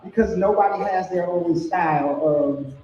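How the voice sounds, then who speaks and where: Soft, high man asking an audience question, unsure; boomy, dull, far-off room sound. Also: measured pace. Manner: hesitant, apologetic, repeats himself. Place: large hall event. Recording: very echoey muffled hall from afar.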